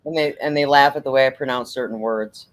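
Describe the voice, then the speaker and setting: A man's voice: mid-range voice, quick pace. A man from Minnesota with a Minnesotan accent, chatting casually and swearing freely, with frequent laughs. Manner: profane, laughing storyteller. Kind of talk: casual chat. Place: living in the US South.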